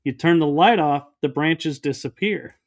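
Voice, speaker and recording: A man's voice: fairly high pitch, a little slow. A man, a podcast guest, recounting a personal experience in an interview and acting out the dialogue. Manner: storytelling that acts out quoted dialogue.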